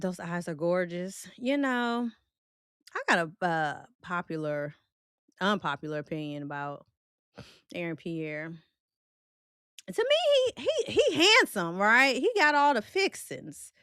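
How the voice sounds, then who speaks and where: A slightly high female voice, captured at studio quality without room sound, belongs to the host of a film and celebrity live stream. Reading comments from viewers, she's animated, blunt and joking, laughing frequently in loose, Southern-tinged everyday speech.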